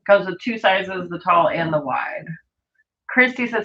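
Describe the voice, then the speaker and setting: A woman's voice: fairly low pitch, animated, measured pace, sharp tone, dull audio. A woman hosting a sewing livestream, chatting casually and reading viewer comments aloud as she works.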